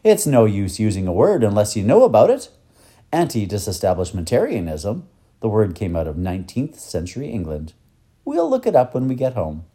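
A man voicing a kindly, learned old professor who explains things gently in a storybook reading. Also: fairly low pitch, wildly swooping pitch, moderate pace. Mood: teaching. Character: kindly older male professor, warm and learned.

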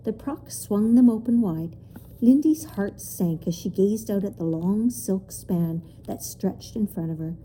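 A woman narrating a children's storybook aloud in an expressive, unhurried way. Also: mid-range voice, a little hiss or hum, rough recording.

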